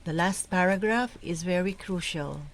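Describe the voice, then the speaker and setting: A woman coaching lectors and reading scripture aloud in a slow, measured, deliberate way. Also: lowish voice, poor audio. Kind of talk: scripture reading and proclamation tips.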